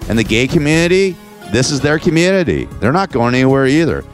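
A man's voice: mid-range voice, sing-song, a little fast, faint music behind. A man hosting his own radio-style show, ranting in a profane, meandering way. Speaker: host.

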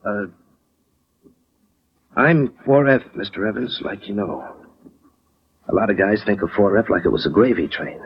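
A man's voice: fairly low pitch, lively intonation, moderate pace, long pauses, breathy edge, exaggerated voice. An actor playing a frustrated, streetwise working man in a 1940s radio drama, defensive and slangy. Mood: earnest. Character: Joe Vanelli, frustrated working man, restless. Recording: dull old radio recording.

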